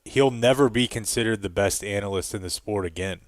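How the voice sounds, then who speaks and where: A man co-hosting a podcast, chatting casually and jokingly about sports, quick to laugh. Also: fairly low pitch, dry recording, studio quality. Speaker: podcast co-host. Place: live stream from a club.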